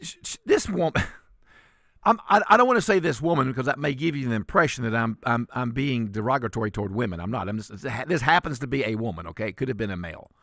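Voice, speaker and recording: A man's voice: mid-range voice, expressive, fast, gravelly, bright, forceful tone, no room sound, clean studio sound. A man filling in as a talk radio host, giving emphatic, sarcastic commentary and often repeating words.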